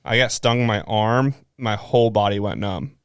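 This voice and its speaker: A man's voice: lowish voice, moderate pace, clean tone, dry recording. Young man with a dry close-mic sound. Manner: loose, laughing, swears a lot, many fillers. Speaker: podcast co-host. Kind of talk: casual chat.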